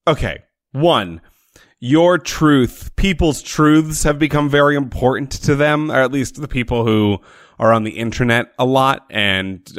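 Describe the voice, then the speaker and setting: A man's voice: mid-range voice, a bit bright, clean tone, no echo. A man co-hosting a podcast, giving dry, sardonic commentary and counting off his points. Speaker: podcast co-host. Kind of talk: casual chat.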